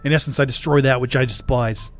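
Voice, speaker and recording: A haughty male demon lord from a video game speaks with a put-on Boston accent, as a streamer reads his lines. He talks in stiff, formal, contemptuous sentences, pushing a little higher and louder than everyday talk, with faint game music behind. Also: steady tone, fast, natural voice.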